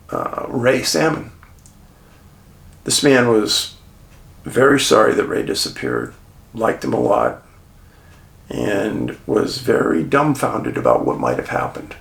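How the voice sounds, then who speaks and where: A man with a gravelly, mid-pitched voice recounts a documentary shoot in a relaxed, conversational way. His delivery is animated, with wide swings in pitch, chuckles and dramatic pauses. The room around him gives the voice a noticeable echo. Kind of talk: casual behind-the-scenes storytelling. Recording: roomy echo.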